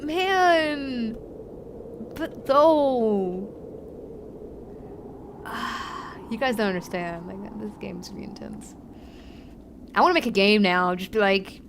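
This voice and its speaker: A woman streaming a game live, chatty and rambling, thinking out loud and easily moved. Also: mid-range voice, a little hiss or hum. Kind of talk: live gameplay commentary.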